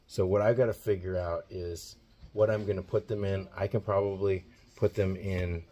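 A man's voice: low-pitched, fairly even intonation, normal speed, dark tone. A man hosting an animal rescue vlog, talking earnestly and explaining animal care as he goes. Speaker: host of animal rescue channel. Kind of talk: casual on-location vlog chat.

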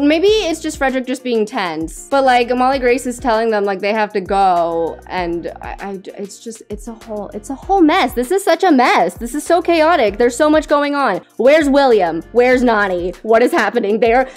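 A young woman giving casual, excitable commentary while playing a life-sim game, chatty and full of "like" asides. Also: fairly high pitch, normal speed, few pauses. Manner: chatty, excitable, says "like" a lot, bursts of laughter. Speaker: game streamer. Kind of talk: casual let's-play commentary. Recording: faint music behind.

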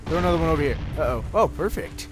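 Young man, let's play commentary, lively pitch, profane, excitable, game music. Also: racing. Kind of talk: casual gameplay commentary. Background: video game music.

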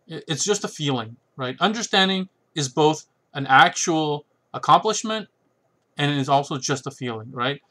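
Man, casual rambling talk, sarcastic, bright forceful voice, slightly high. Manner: rambling, sarcastic, often asks "right?". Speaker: chess book reviewer.

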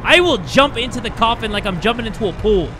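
A young man giving horror game commentary, excitable and swearing, talking to himself and yelping when startled. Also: very high voice, quick pace, noisy background. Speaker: gaming YouTuber. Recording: game music loud behind voice.

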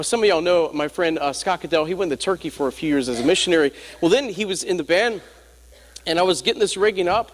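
A man's voice: fairly high pitch, long reverb tail. A man preaching a sermon, telling stories and drawing the congregation in with emphatic call-and-response questions. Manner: storytelling with rhetorical questions.

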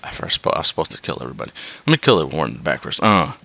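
A man swearing his way through a game, dropping to tired mutters and then yelling in excitement. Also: extremely low pitch, rapid-fire, gravelly. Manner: swearing, swinging between mutters and yelps. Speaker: gameplay commentator. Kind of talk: profane let's-play commentary.

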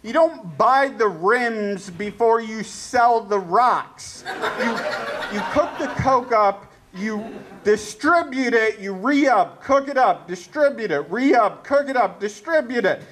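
Man doing stand-up, very high voice, sarcastic ranting, loud bursts then low mutters. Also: lively intonation, slow pace. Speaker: stand-up comedian. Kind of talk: stand-up comedy set. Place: live comedy stage. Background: audience laughter.

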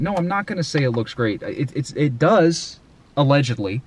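A man hosting a vlog in a casual, profane rant, excitable and jumping between loud outbursts and muttered asides. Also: medium pitch, moderate pace, husky. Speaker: vlog host.

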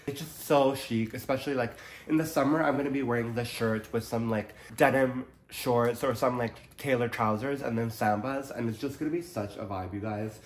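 A young man vlogging about fashion in a casual, chatty way, his voice nasal from allergies and full of "like" fillers. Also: medium pitch. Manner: chatty, many "like" fillers, upbeat. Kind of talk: casual chat to camera. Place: Toronto.

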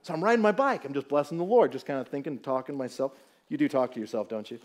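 A man's voice: mid-range voice, quick pace. A middle-aged man from Southern California, a guest pastor giving a humorous, storytelling sermon in a church. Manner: animated, storytelling, jokes with the audience. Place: church sanctuary.

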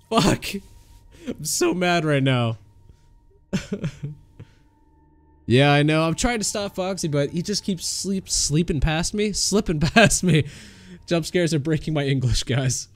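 Excitable man streaming a horror game. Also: fairly high pitch, slow pace, long pauses. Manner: excitable, swears and laughs at scares. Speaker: gaming streamer. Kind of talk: livestream horror game commentary.

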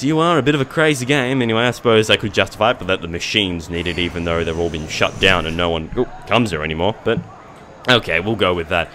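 A young man giving jokey, excitable gameplay commentary, talking back to the monsters on screen. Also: on the low side, fast talker, slight background noise. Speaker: let's play gamer.

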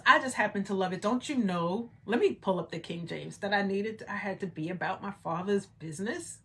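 Expressive woman teaching scripture. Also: mid-range voice, moderate pace, few pauses. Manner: conversational, rhetorical "right?" asides. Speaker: Bible study leader. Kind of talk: scripture reading with commentary.

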